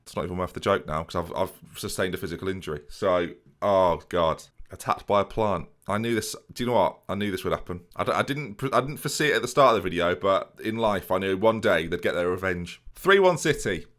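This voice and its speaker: Casual male gaming YouTuber, lowish voice, self-deprecating running commentary to viewers. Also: lively intonation, brisk, fairly bright tone. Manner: self-mocking, chatty, addresses viewers. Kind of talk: commentating a football management game.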